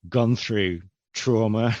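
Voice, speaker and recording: A man with a very low, deep voice hosts a casual online group chat. He talks with chatty enthusiasm and laughs easily. His voice sounds dull and lo-fi, like call audio, and the sound is bone-dry. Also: drawn-out words, a little mellow, dry recording.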